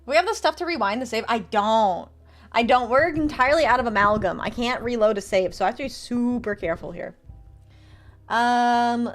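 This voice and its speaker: A young woman chats her way through a game on stream, reacting loudly and swearing casually. Her voice is fairly high and swings widely in pitch. Faint music plays behind her. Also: normal speed. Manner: chatty, swearing, excitable reactions. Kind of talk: playing a game on stream and reading dialogue aloud.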